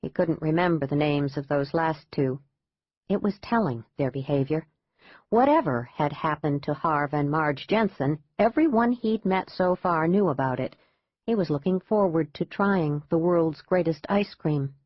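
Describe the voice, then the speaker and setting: A woman reads a thriller audiobook in an even, measured way. Her voice sits on the low side. The recording is dry and a bit dull, with a lo-fi sound. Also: dry recording. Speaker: audiobook narrator. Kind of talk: scripted narration.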